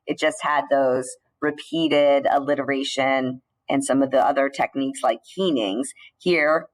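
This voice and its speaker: A woman teacher giving a recorded slide lecture, explaining in a measured way with the odd filler and restart. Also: low voice, rough recording.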